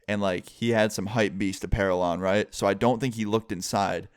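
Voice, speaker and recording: A young man telling a rambling, excitable story to camera in a casual vlog style, full of "like" and acted-out quotes. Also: on the low side, normal speed, clean tone, no echo, clean studio sound. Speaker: vlogger.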